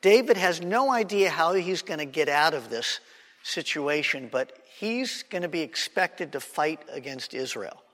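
Bible teacher in a reverberant hall. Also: male voice, a little high, lively intonation, a little slow, fairly bright tone. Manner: checks in with the class, frequent "right?".

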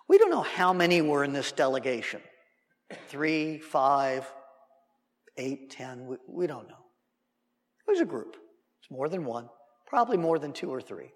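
A male preacher teaching verse by verse through a Bible passage, acting out the dialogue and adding humorous asides. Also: mid-range voice. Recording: long reverb in a hall.

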